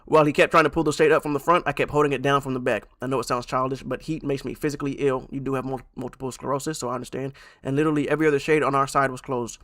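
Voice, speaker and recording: A young man streaming and reacting to online posts. He swings from loud outbursts to low mutters and restarts his sentences often. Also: little pitch movement, racing, few pauses. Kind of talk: live-stream reaction commentary.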